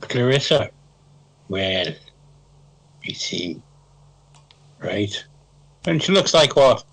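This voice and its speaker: A man voicing a skeptical, teasing bystander in a crowd, speaking louder than his usual voice. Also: medium pitch, big pitch swings, very slow, exaggerated voice. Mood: wry. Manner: wry, teasing.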